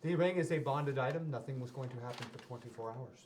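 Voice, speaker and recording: A man's voice: medium pitch, fast talker, background noise. A man acting as game master, giving plain, matter-of-fact rulings and reading room descriptions aloud. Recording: distant mic.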